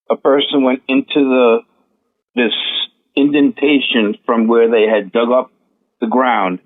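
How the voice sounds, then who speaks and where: A man calling in to a radio show, telling a story in a plain, talky way. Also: mid-range voice. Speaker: caller. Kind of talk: call-in radio chat. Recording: tinny phone line.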